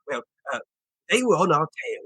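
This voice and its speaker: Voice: medium pitch, very animated, normal speed, sharp tone, breathy edge, full character voice. A player voicing a fussy, eager male adventurer in a tabletop game, talking in a flustered, rambling way.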